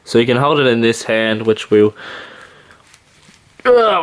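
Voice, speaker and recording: Brief: Australian male toy reviewer, mid-pitched, chatty and excitable, rambles. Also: smooth. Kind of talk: casual figure review.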